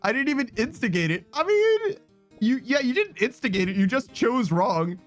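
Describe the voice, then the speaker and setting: A man's voice: very high voice, sing-song, normal speed, faint music behind. A man streaming, chatting casually with his viewers, reading chat aloud and teasing them with slangy, swearing banter. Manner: laughs often, teasing, reads chat messages aloud.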